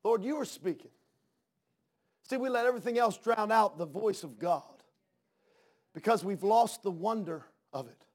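Male preacher, high voice, sermon style, soft-to-loud fervent delivery, repeats words mid-build. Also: expressive, moderate pace, long pauses. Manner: swings from soft hush to loud fervent outbursts. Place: church.

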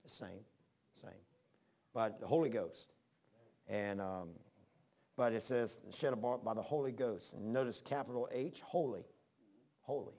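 A man's voice: lowish voice, lively intonation, normal speed, long pauses, warm tone. A man preaching a sermon in a homespun, rambling way, telling personal stories, often restarting his sentences and reading scripture in old-fashioned wording.

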